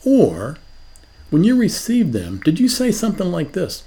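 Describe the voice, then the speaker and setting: A man's voice: sits high, wildly swooping pitch, measured pace, mellow. An older man preaching a sermon as a pastor, asking rhetorical questions in a conversational way.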